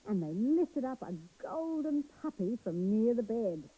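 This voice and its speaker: A woman reads a story to young children in a gentle, expressive way. Her voice is dark and husky, and her tone swoops up and down with lively energy. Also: a little high, measured pace, poor audio. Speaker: children's TV presenter.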